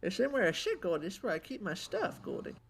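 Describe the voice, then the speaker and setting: A woman's voice: mid-range voice, sing-song, quick pace, vocal fry, slightly rough, full character voice. A woman voicing a secretive frontier man in a western roleplay game, wary and questioning. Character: secretive frontier man guarding his stash.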